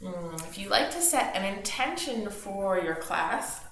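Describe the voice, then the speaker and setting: A woman teaching a gentle yoga class, talking in an encouraging, conversational way. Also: medium pitch, very animated, a little slow. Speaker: yoga instructor. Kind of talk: guided yoga class instruction. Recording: very echoey room with faint noise. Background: faint background noise.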